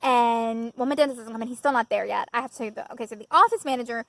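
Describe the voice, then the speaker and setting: Woman vlogger, high voice, chatty self-mocking storyteller, recorded outdoors. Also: racing, vocal fry, dry recording, rough recording. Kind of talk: casual storytelling.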